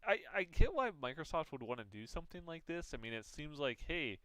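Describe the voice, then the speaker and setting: A man's voice: on the high side, animated, a little fast, a crowd in the background. A man co-hosting a podcast, thinking aloud in casual chat with hesitant restarts. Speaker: podcast co-host.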